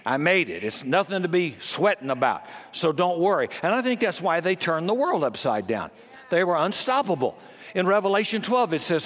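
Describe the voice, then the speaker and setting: An older man preaching a sermon in a folksy, conversational way with quick jokes, in a church hall. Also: high-pitched, big pitch swings, a bit bright. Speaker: pastor.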